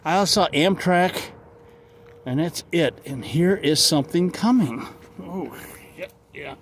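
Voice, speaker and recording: A man vlogging outdoors beside railroad tracks, muttering to himself between excited exclamations as trains pass. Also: a little high, unhurried. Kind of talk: casual handheld vlog narration. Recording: outdoor noise of passing trains. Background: passing freight train and city ambience.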